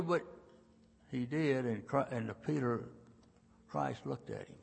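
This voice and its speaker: A gravelly, husky older man preaches slowly and deliberately. He tells the story in a folksy, dramatic way, swinging from loud bursts to near-whispers. His voice rings with the long reverb of a large church. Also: medium pitch, sing-song. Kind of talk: sermon. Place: church sanctuary.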